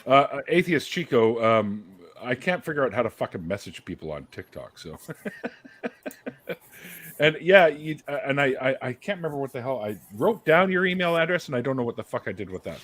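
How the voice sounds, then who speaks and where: A man's voice: medium pitch, big pitch swings, a little fast, a bit bright. A man hosting a casual video-call chat, rambling and swearing freely as he loses his thread. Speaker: livestream host.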